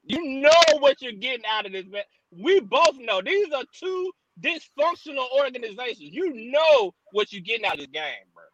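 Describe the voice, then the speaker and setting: Male co-host from Memphis, high bright voice, emphatic and repetitive. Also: sing-song, dull audio. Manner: quick, emphatic, repeating "bro". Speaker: podcast co-host. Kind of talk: casual sports chat. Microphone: remote call.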